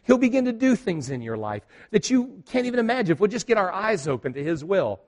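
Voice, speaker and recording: A middle-aged man preaching with a lively, animated voice that climbs and falls as he tells a story. He acts out the other people in it, and his voice sits a little high for a man. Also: fairly quick. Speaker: pastor. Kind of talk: sermon with personal story.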